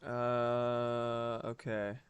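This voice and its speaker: A man chatting casually on a live stream while he draws, animated and swearing freely, with quick asides. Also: mid-range voice, clean tone.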